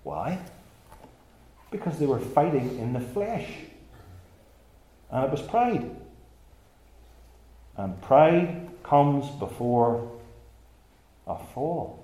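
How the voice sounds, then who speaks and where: Emphatic preacher, lively voice, echoey room. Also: male voice, mid-range voice, drawn-out words, long pauses. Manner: emphatic, rhetorical. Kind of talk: sermon.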